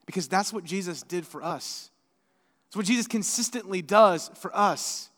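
High-voiced pastor preaching in a reverberant church. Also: male voice, lively intonation, moderate pace. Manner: conversational preaching that swings between hushed and emphatic. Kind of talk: sermon. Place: church sanctuary. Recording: long reverb of a church sanctuary.

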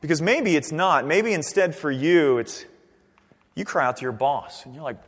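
A man preaching a sermon in a church, animated, swinging from near-shouts down to quiet, earnest tones. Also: moderate pace, husky. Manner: animated preaching, rising to near-shouts then dropping low. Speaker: pastor. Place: church sanctuary. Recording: long reverb of a church hall.

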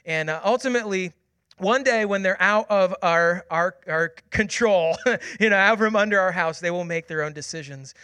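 A man in his thirties delivers a sermon in a high, bright voice, moving between hushed, close confiding and loud, excited storytelling. The sound is dry and close to the mic, with no room around it. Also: clean tone, no echo. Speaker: pastor.

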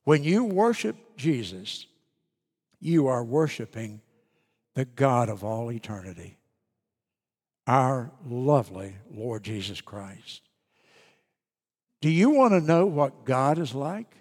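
A man preaching a sermon as pastor, earnest and emphatic with deliberate pauses. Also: mid-range voice, big pitch swings, darkish tone, big-room sound.

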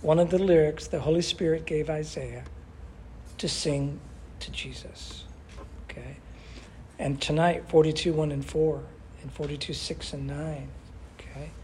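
A man's voice: fairly high pitch, fairly even intonation, unhurried, pauses often, a little mellow, a little hiss or hum. An older man teaching a Bible study in an earnest, emphatic way, often asking his class questions.

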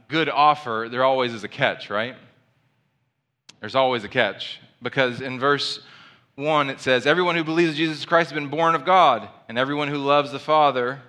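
Bright-voiced man preaching conversationally. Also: fairly high pitch. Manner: conversational, animated preaching with asides. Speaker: pastor. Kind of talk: sermon.

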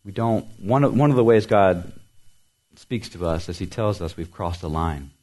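With lively intonation at a normal speed, a man preaches as pastor in an earnest tone. Words get repeated for emphasis, key phrases rise, and his endings drop soft and low.

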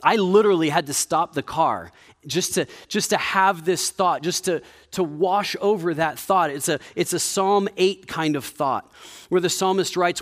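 A man preaching a sermon in a conversational way, with frequent restarts, dropping to a quiet low voice for emphasis. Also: measured pace. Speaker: pastor.

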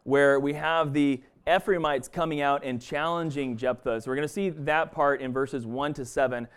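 A man whose voice is on the high side, steady and smooth, teaches a Bible passage at a moderate pace. His casual Bible study is conversational, with frequent restarts and fillers.

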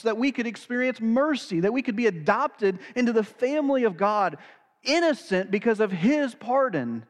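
A pastor delivers a sermon in a high, clear voice. He speaks earnestly and slows down to weigh his key phrases. The sound rings with the long reverb of a large hall.

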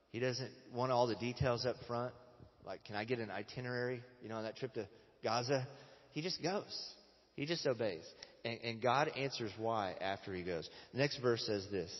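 A man's voice: medium pitch, big-room sound, dull audio. A man preaching a sermon in a casual, storytelling way, acting out the quotes. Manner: conversational storytelling with acted quotes. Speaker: pastor.

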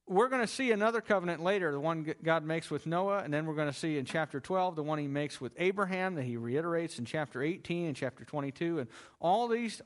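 A man teaching a Bible lesson in a conversational, emphatic way, explaining step by step. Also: on the high side.

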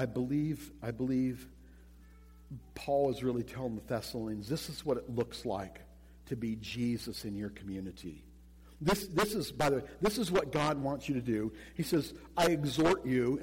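A man preaching a sermon as pastor, animated, acting out little quotes and often repeating words as he goes. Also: mid-range voice, moderate pace, breathy edge, big-room sound, poor audio.

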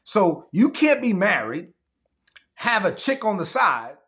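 Animated gravelly-voiced preacher man. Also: high voice, takes it slowly. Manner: animated preaching, acts out people in quoted voices. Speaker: pastor. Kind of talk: sermon.

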